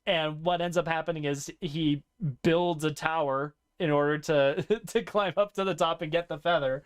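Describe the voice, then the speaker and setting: A male podcast host retells a story in relaxed, casual chat, breaking into character voices as he goes. His voice sits fairly high and sounds smooth and clear. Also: moderate pace. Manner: animated storyteller who acts out characters.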